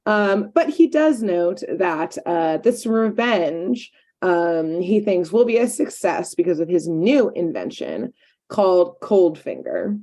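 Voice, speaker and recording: In a slow, mellow voice on the low side with big pitch swings, a woman chats casually on the podcast she co-hosts. She recaps a cartoon episode, filling her talk with frequent "like"s and "um"s.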